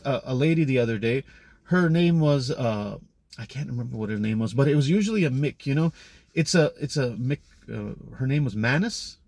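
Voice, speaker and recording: A man's voice: a little high, a little mellow, dry recording. A man talking in a casual monologue, rambling and opinionated, often correcting himself mid-sentence. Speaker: commentator.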